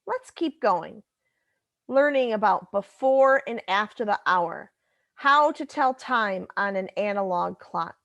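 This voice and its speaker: A woman's voice: medium pitch, expressive, slow pace, fairly bright tone, dry recording, highs cut off. A woman teacher talking through a recorded math lesson, patiently explaining step by step and correcting herself as she goes.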